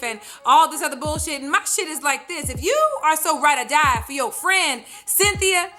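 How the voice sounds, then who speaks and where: A woman's voice: sits high, moderate pace, few pauses, faint music behind. A woman doing a profane, sassy recap vlog of a reality show, acting out what people said. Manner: sassy, animated, acts out quotes. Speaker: vlogger reviewing a reality show.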